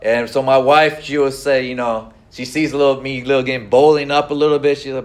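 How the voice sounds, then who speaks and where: A middle-aged man preaching a sermon in a conversational way, with frequent fillers and pauses. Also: medium pitch, fairly even intonation. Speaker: pastor.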